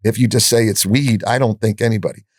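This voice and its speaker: A man in his sixties, a podcast guest, telling animated stories with many restarts and a bit of swearing. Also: lowish voice, quick pace, no echo, clean studio sound. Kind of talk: anecdotal storytelling in an interview.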